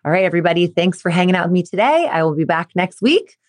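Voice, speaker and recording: Animated woman coaching on a podcast. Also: lowish voice, fast. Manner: animated, acts out quoted questions in a lively voice. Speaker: sport psychology coach and podcast host. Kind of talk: casual solo podcast talk.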